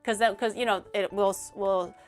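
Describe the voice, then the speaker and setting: A woman's voice: medium pitch, fairly even intonation, moderate pace. A chatty woman hosts a livestream from her home setup, rambling in a bubbly way with plenty of fillers. Faint music plays behind her. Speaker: livestream host. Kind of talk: casual chat.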